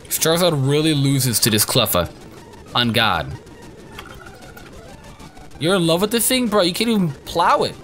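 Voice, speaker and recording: A young man commenting on his own game playthrough, excitable, crude and joking. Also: a little high, normal speed, long pauses, faint music behind. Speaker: gaming YouTuber. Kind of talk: let's play commentary.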